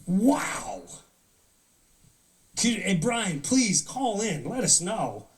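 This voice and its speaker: A man's voice: high-pitched, very animated, very slow, far from the mic. A man hosting a live show, ranting comedically with incredulous disbelief and acting out mock conversations. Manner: incredulous, acts out mock dialogue in different voices. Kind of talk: animated comedic rant.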